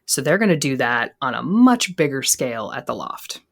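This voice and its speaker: Low-voiced, lively American woman podcaster. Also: normal speed. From United States. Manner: animated, sarcastic asides, jumps between topics. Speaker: podcast co-host. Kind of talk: casual chat recapping a TV episode.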